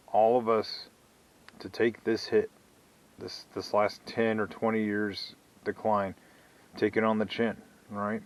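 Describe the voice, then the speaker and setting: A man in a casual vlog speaks earnestly and encouragingly, repeating his phrases as he cheers his viewers on. His voice sits on the low side. He sounds a little distant from the microphone. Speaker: trucker vlogger. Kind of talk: casual motivational monologue to camera.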